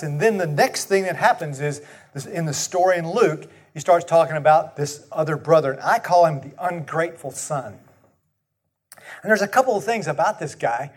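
A man in his sixties preaching a sermon in a conversational way, asking the congregation questions. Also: a little high. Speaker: pastor.

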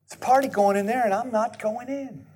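A man's voice: very high-pitched, brisk, darkish tone, a little hiss or hum, pitched above the performer's own voice. A man voicing a sulky, resentful older brother who refuses to join a party.

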